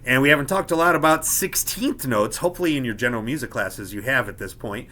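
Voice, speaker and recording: A man with a bright, clear voice gives a beginner music lesson. He explains each step patiently and keeps checking that his students are following. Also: medium pitch, quick pace. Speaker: music teacher.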